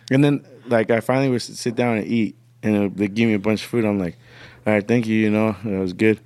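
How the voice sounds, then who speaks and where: A man's voice: lowish voice, fairly even intonation, quick pace, darkish tone. A man telling a story in casual podcast chat, swearing a lot, laughing and acting out his relatives' lines. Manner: profane, laughing, acts out relatives in quotes. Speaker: podcast guest.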